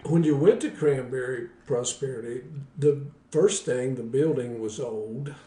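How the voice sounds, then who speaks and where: A man hosts an interview, asking his questions haltingly with a few filler sounds. His voice has a mellow tone, and he sits back from the mic in a roomy space. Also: medium pitch, far from the mic. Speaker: podcast host.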